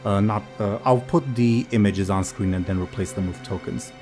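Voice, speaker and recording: A man narrating a tabletop game as game master, unhurried and halting with many fillers. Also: lowish voice, fairly even intonation, music in the background.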